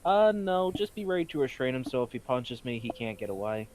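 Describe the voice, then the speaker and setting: A man's voice: medium pitch, big pitch swings, a little fast, darkish tone. A man playing a tabletop game in a matter-of-fact way with dry humor. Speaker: player.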